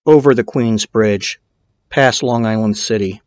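A man's voice: fairly low pitch, measured pace, noisy background. A man narrating a true-crime documentary in a casual storytelling way, dropping in blunt, swearing asides.

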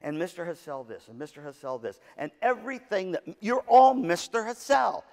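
A keynote speaker addresses band directors in a large conference hall, its long reverb trailing his words as he tells funny, self-deprecating stories to the music teachers. His gravelly, darkish voice sits high and sounds animated at a moderate pace.

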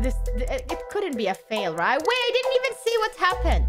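A woman's voice: sits high, huge pitch swings, normal speed, over music. A woman hosting a reaction video, chatting casually and exclaiming playfully at clips.

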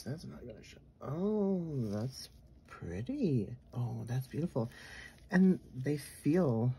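A woman vlogger narrating a casual unboxing at her desk, chatty and gushing, murmuring asides softly. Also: a bass voice, creaky, a little hiss or hum. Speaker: nail art vlogger. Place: home nail studio desk.

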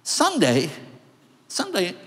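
A man in his sixties accepting an award on a large theater stage, telling comic stories in an animated, jokey way. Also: sits high, slow. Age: 60s. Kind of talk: stand-up storytelling. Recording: long reverb of a large theater.

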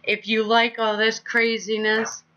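Bright-voiced woman in her forties, unhurried. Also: on the high side, completely flat delivery, muffled recording, a little hiss or hum. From northeast Ohio, US. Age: 40s. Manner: upbeat, playful, plugging the channel. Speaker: co-host of a family gaming channel. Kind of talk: casual channel outro chat.

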